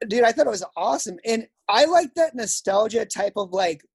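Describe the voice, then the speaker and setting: Man, husky voice, animated pitch, enthusiastic casual chat, dry room. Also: normal speed, no room sound. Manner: enthusiastic, lively, mimics people.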